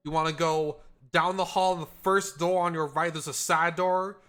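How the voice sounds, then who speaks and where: A man speaking in character as a player in a tabletop game, giving hushed, urgent reassurance with frequent restarts. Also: a little high, steady tone, moderate pace, soft background music. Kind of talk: in-character tabletop role-play.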